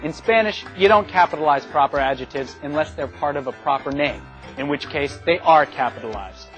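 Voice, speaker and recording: A man giving a scripted instructional review in a clear, measured way, with a dull lo-fi sound. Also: fairly high pitch, fairly bright tone. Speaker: narrator of an educational video. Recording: dull lo-fi sound with faint music.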